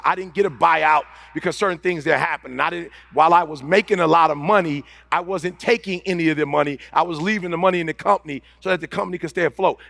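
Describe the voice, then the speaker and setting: A man giving a live motivational speech to an audience, talking fast in an impassioned, repetitive way and building up to shouting. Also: high voice, vocal fry, no echo. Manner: fast-talking, rushing phrases. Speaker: motivational speaker.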